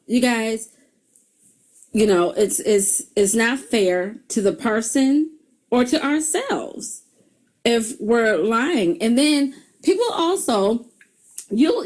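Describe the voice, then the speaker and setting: Animated middle-aged woman giving life advice. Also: fairly high pitch. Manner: animated storyteller, laughs often, addresses viewers as y'all. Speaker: self-help video host. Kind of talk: motivational talk.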